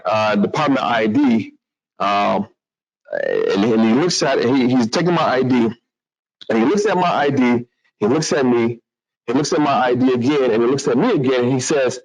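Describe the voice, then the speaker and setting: A man telling a personal story to an audience in a lively, animated way. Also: mid-range voice, low-quality recording. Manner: animated, acts out other voices, restarts a lot.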